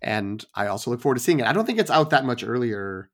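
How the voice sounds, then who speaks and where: A man's voice: medium pitch, sing-song, fast, a bit bright. Wry, rambling man on a film podcast. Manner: rambling, stammering restarts, wry jokes. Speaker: podcast co-host. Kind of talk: casual film podcast chat.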